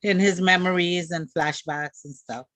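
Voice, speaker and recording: A woman's voice: lowish voice, steady tone, moderate pace, fairly bright tone. Laughing Guyanese woman guest. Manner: chatty, laughs often between lines. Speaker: guest actress and comedian. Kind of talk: casual live-stream interview.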